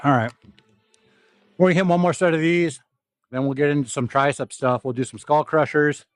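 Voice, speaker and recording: A man's voice: on the high side, fairly even intonation, moderate pace, no room sound, clean studio sound, soft background music. A young man with a nasal, stuffy voice chatting casually and profanely while livestreaming from an indoor gym. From South Dakota. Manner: profane, rambling, laughs often. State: stuffy nose. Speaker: fitness vlogger.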